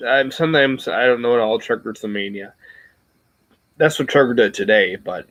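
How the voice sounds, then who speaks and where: A man's voice: mid-range voice, normal speed, fairly bright tone, no room sound, highs cut off. A man casually chatting to his viewers, rambling and self-reflective, with many fillers and restarts. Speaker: YouTuber talking to his viewers. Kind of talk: casual livestream chat.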